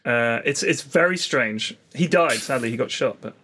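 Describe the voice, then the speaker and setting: A man's voice: medium pitch, animated, normal speed, pushed and bright. A man co-hosting a podcast, telling jokey stories in casual, sweary banter. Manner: joking storyteller, swears freely. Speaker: podcast co-host.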